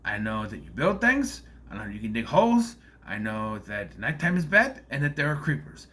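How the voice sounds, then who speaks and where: A young man talking casually to camera, reviewing a movie in a rambling, animated way with frequent restarts. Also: on the low side, moderate pace. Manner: rambling, animated, self-interrupting. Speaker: video reviewer.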